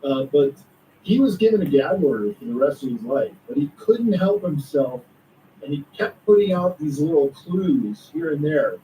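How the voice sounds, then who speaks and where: A man talking as an author and guest, recounting a story with excited asides. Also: on the high side, moderate pace, recorded from a distance, slight background noise, low-quality recording. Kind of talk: conspiracy talk interview.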